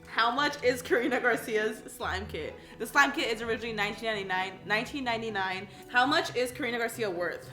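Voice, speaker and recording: A woman's voice: a little high, fast talker, few pauses, pushed and bright, echoey room, faint music behind. A woman in her twenties from California, chatting casually and reading questions aloud with a bubbly manner, filling her talk with "like". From California, USA. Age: 20s. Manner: chatty and bubbly, heavy use of "like", giggles at her own answers. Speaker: YouTube crafts creator.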